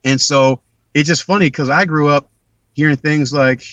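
A man's voice: a little high, normal speed, no echo, recorded from a distance. A man telling stories in a casual interview, acting out the voices of the people he quotes. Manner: animated, acts out quoted voices. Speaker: actor guest.

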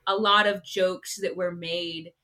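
Bright-voiced giggly woman guest. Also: lowish voice. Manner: giggly, quick bursts of excited talk. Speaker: guest, cosplayer. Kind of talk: casual chat.

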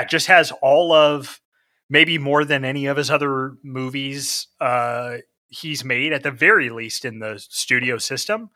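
A man co-hosting a casual podcast, laid-back, talking loosely with lots of fillers and quick reactions. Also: mid-range voice, pushed and bright, no echo, clean studio sound. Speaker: podcast co-host.

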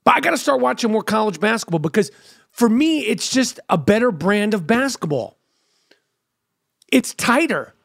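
A man with a notably high voice rambles through a casual podcast monologue, swearing freely and circling back on himself with ums and uhs. The sound is close and dry, with no room around it. He talks like a comedian catching up with his listeners. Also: very animated, normal speed, vocal fry, no echo. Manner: profane, loose storytelling with frequent fillers. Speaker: podcast host and stand-up comedian.

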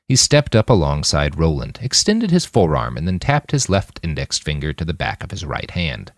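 A man narrating an audiobook chapter, expressive, on a close mic. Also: rumbling low, moderate pace, hardly any pauses, no echo.

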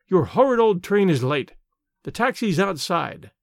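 A breezy young society woman teases and chatters in a high, lively voice, voiced by a man reading aloud. The sound is close and dry, with no room around it. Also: a little slow, vocal fry, no room sound, exaggerated voice. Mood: teasing. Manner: bright, airy, playfully teasing.

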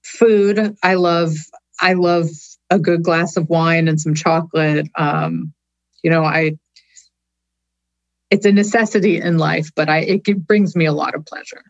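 A woman being interviewed as a guest, upbeat and quick to laugh. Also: fairly low pitch, no room sound, muffled recording. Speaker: guest, cognitive scientist. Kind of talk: casual interview chat.

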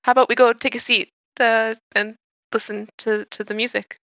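A woman playing her character in a tabletop game, wry and a touch hesitant. Her voice is bright and edgy, and the recording is dry and dull. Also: on the high side, level tone, moderate pace, dry recording. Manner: wry, hesitant, laughs often. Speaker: player.

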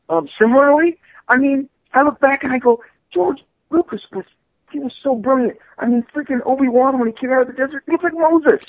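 A man, a comic book artist, chatting casually on a podcast, rambling and animated with plenty of profanity. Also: very high-pitched, brisk, dry recording, muffled recording.

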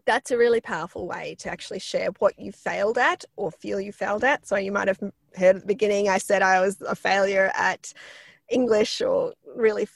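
Croaky-voiced woman, chatty and rambling. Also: mid-range voice, steady tone, brisk, no room sound. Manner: chatty, rambling, many fillers and restarts. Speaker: PR expert guest. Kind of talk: casual podcast interview.

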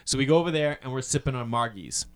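Animated man telling a story. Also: medium pitch, fast, a little hiss or hum. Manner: animated storyteller, acts out quoted people with loud outbursts and swearing. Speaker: podcast co-host. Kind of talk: casual storytelling chat.

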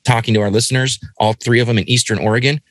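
A man hosting a podcast in a relaxed, joking, casual way. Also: mid-range voice, rapid-fire, no room sound. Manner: laid-back, jokey, says "like" and "man". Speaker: podcast host.

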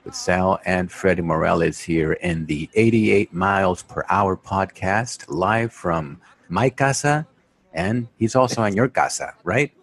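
A man co-hosting a podcast from home, playful, with a husky, gravelly voice. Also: low-pitched, measured pace. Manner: playful, mock announcer delivery. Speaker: podcast co-host. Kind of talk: casual podcast chat.

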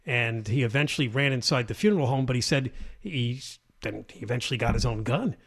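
A man's voice: medium pitch, fairly quick, gravelly, husky. A man co-hosting a talk radio show, telling news stories in an indignant, conversational way.

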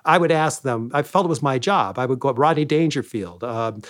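A man who once managed a comedy club, telling animated backstage stories and acting out what people said. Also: medium pitch, fairly quick. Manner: animated anecdotes, acting out quoted lines. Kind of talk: storytelling interview guest.

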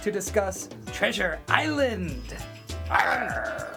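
A woman's voice: mid-range voice, normal speed, over music. A woman co-hosting a podcast, cutting in with wry, teasing remarks in casual chat. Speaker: podcast co-host.

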